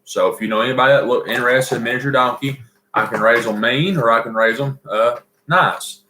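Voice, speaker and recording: A bit of hiss or hum accompanies this Southern man's mid-range, slightly fast voice as he co-hosts a live stream. Animated and folksy, he laughs a lot while chatting and telling stories, and the room gives off an echo.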